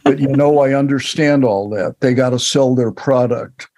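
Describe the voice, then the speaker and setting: Gravelly older man telling wry stories. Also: mid-range voice, normal speed, no echo. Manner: relaxed, wry anecdotal storytelling. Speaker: film director, guest. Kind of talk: storytelling in an interview.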